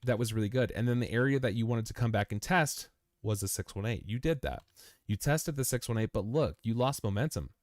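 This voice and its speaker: A man's voice: mid-range voice, lively intonation, fairly quick, a little mellow, no echo, clean studio sound. A young man hosting a live stream, talking casually through price charts and repeating phrases, calling listeners "man" and "dude". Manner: chatty, repeats phrases, addresses the chart as "you"; says "man", "dude" and "bro". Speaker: crypto chart analysis livestream host.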